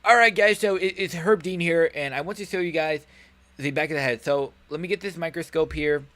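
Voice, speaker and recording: A self-important male fight referee, put on by a man in a cartoonish voice, loud and pitched high, explaining the obvious with overblown earnestness. He sounds like a cartoon parody. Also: a little fast, natural voice. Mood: mock-serious. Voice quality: cartoonish, exaggerated. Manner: overly earnest, addressing an audience. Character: mock-solemn male fight referee giving a lecture.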